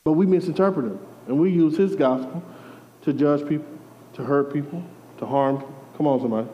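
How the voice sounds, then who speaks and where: A man preaching a lively sermon, calling out to the congregation through a microphone. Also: on the high side, brisk, slight background noise. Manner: energetic call-and-response preaching. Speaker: pastor. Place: church hall. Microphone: handheld or stage mic. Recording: dull audio in a reverberant hall.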